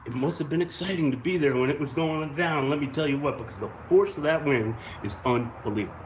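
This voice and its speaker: A man's voice: on the high side, quick pace, reverberant, slight background noise. A man hosting a live online show, chatting casually with viewers and rambling through stories with swearing and laughs. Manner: rambling, animated storyteller who swears and laughs. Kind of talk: casual live-stream chat, reacting to viewer comments.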